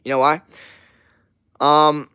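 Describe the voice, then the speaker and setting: A young man hosts his own live stream, talking straight to viewers in a loose, profanity-laced rant. His voice sits a bit high for a man, and he swears freely as he vents and then drifts back into easy, casual chatter. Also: little pitch movement, slow, sharp tone, clear, resonant tone. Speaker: livestreamer. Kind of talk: casual livestream chat.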